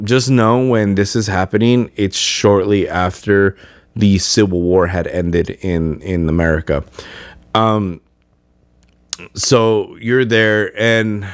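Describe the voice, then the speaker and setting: A man's voice: on the low side, takes it slowly, no echo. A man hosting a podcast in casual chat, rambling with many fillers and restarts. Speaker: podcast host.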